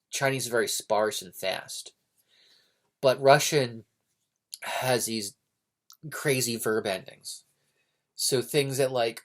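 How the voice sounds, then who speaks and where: Rambling man reviewing a book. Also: lowish voice. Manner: rambling, lots of fillers and restarts. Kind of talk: casual unscripted book review.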